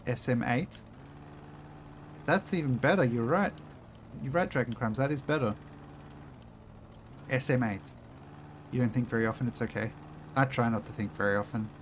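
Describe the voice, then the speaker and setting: A man's voice: mid-range voice, moderate pace, long pauses, a little hiss or hum. A young Australian man streaming a game, chatting with viewers in a loose, joking way, swearing freely and laughing often. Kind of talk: casual gameplay commentary, chatting with viewers.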